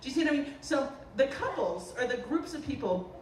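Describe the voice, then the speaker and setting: A woman from the Boston area, a potter giving a humorous artist talk, telling stories in an animated, joking way. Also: high-pitched, brisk. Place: lecture room at a festival. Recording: roomy, distant mic, faint noise.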